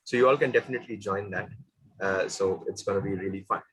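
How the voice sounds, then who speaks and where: A man's voice: sits low, fast, fairly bright tone, slight background noise, low-quality recording. A man hosting an online club meeting, upbeat, encouraging and playful with the members. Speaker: meeting host.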